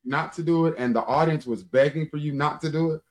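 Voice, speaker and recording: A man co-hosting a casual podcast, excitable and quick to quote rap lyrics. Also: on the high side. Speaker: co-host.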